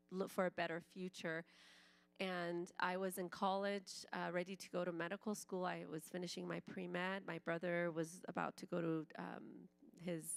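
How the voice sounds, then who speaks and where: Low-voiced woman giving a church testimony. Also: creaky. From Iran. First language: Farsi. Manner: conversational storytelling, frequent "like", acts out quoted speech. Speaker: guest speaker sharing her testimony.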